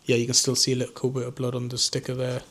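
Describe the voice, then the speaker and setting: A young drone vlogger from North East England, whose Geordie accent slides toward southern English, chats unscripted to his viewers from indoors. His ordinary middle-pitched voice is completely flat yet a bit bright, racing along as he rambles loosely and mocks himself.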